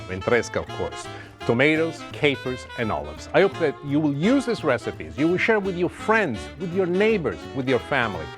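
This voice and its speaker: A man presents a TV cooking demonstration with a medium pitch that swings up and down a lot. He talks enthusiastically and tosses in playful asides. Music plays clearly behind him. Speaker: cooking show host.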